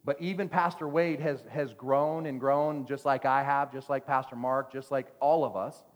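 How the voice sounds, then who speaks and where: A man's voice: mid-range voice, steady tone, normal speed, lo-fi sound. A man preaching a playful sermon to his church as pastor, joking with the congregation while telling a story. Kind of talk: lively sermon with stories. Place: church sanctuary. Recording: long church hall reverb.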